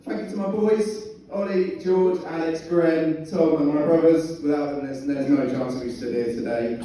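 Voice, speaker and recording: A young groom delivers his wedding speech, chuckling as he teases the guests. His voice sits a little high for a man. It's caught from a distance in a very echoey hall, with steady noise underneath. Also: moderate pace. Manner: jokey, chuckling through his lines.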